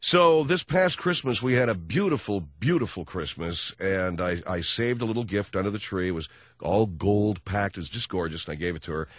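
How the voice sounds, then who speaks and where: A man hosting a radio call-in show, telling a story with lots of energy and acting out both sides in a high mock voice. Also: moderate pace, no room sound. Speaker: radio talk show host.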